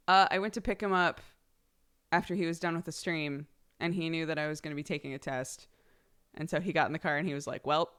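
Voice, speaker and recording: A young woman streams live, talking casually with her audience in a deep, clear, resonant voice that's a bit bright. Her intonation is fairly even and her pace fairly quick, and she's bubbly and giggly, naming subscribers as she thanks them.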